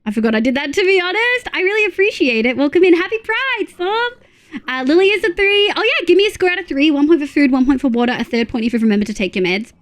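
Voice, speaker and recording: Young aussie girl streaming, bit high voice, chatty, mutters to herself then gushes at chat. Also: animated, very fast, hardly any pauses. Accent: Australian. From Australia. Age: young adult. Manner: chatty, reads chat aloud, gushing exclamations and muttered asides. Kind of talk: casual live-stream chat.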